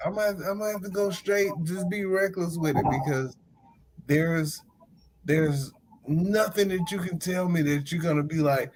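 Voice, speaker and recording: Animated forty-something man telling stories. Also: high-pitched, unhurried, slight background noise, low-quality recording. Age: 40s. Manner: animated storytelling, laughs often, acts out callers. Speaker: podcast host. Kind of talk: casual chat.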